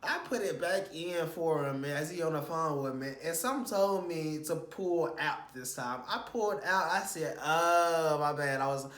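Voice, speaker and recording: Young man, slightly high voice, rambling casual storytelling, echoey room. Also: normal speed, few pauses. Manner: rambling, animated, swears when retelling frustrations. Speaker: vlogger recounting a shoot.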